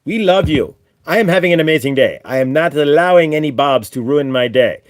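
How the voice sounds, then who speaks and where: A man's voice: fairly high pitch, lively intonation, fairly quick, no room sound, clean studio sound, voice pushed up, close to an everyday voice. A man channeling a male ascended master spirit, giving a spiritual teaching in a preachy manner that ends almost every point with "right?". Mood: earnest teaching.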